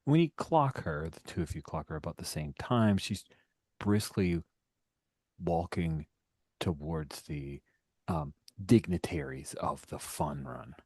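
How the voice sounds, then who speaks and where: A man's voice: deep voice, lively intonation, measured pace, darkish tone, slightly rough, no room sound. A man running a tabletop game as game master, narrating a scene loosely, with some whispered asides.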